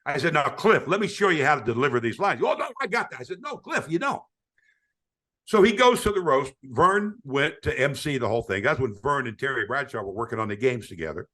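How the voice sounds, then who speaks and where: A man's voice: mid-range voice, animated, fast, hardly any pauses, bright, forceful tone. An older man, a retired sportscaster, telling stories in a podcast interview, acting out quoted voices with frequent stammering restarts. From United States.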